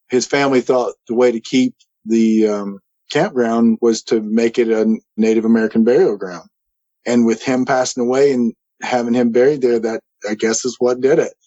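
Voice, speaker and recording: A man telling his paranormal experience in a casual, animated way, acting out what people said, with frequent restarts. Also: mid-range voice, highs cut off. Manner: animated, quotes others and himself, many restarts. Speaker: guest telling a paranormal story. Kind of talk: casual storytelling.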